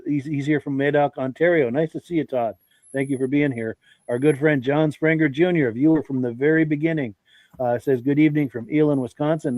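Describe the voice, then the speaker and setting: A man's voice: mid-range voice, dark tone, dry recording. A man with a congested voice hosting a live podcast, reading out viewer comments in a friendly, folksy way. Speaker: podcast host.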